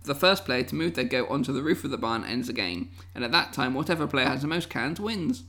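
A man's voice: mid-range voice, expressive, a little fast, vocal fry, pushed and bright. A man with an everyday mid-range voice chats on a casual podcast, playfully setting up a guessing game. He laughs easily and keeps the tone light. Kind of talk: casual chat.

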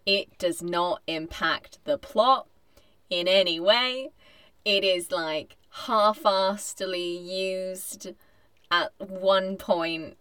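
Wry, animated woman chatting. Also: medium pitch, drawn-out words, smooth, no echo. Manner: animated, wry, laughs often. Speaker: podcast co-host. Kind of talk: casual chat.

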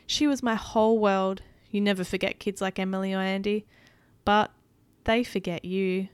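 An excitable young cowgirl toy, high and loud, bouncing through her lines, as a woman puts her on while reading a storybook aloud. The voice stays mid-pitched at heart and sits in a dry room with no echo. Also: moderate pace, clean tone, natural voice. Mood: upset.

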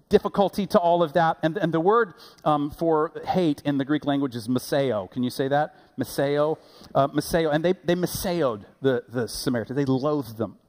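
Animated man preaching a sermon. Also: on the high side. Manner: animated preaching, rising loud on key points; quick asides and self-corrections. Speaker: pastor.

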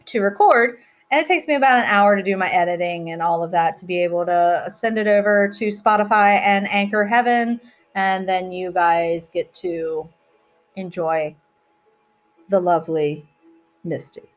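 Speaking at a moderate pace with a fairly low pitch, this woman chats alone on her own podcast. Her talk is casual and rambling, and she's quick to mock herself along the way.

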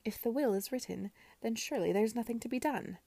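Woman reading a wary young lady, reproachful, gravelly dark voice. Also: a little high, quick pace, no room sound. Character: uneasy young lady questioning her brother.

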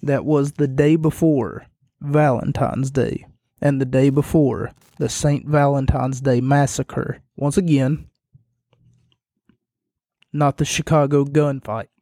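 A man hosting a casual solo podcast, talking in a monotone while losing his voice and sounding hoarse. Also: medium pitch, slow pace, no echo, clean studio sound. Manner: monotone delivery. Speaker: podcast host.

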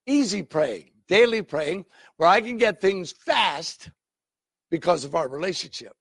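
Gravelly, animated preacher man. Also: high-pitched, unhurried, no room sound. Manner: animated storytelling, acts out scenes. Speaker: pastor. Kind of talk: sermon.

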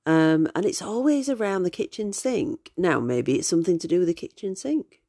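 A woman's voice: lowish voice, very animated, normal speed, dark tone, dry recording, clean studio sound. A woman in her forties, a podcast host telling stories in a chatty, digressive way with many ums. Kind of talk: casual storytelling.

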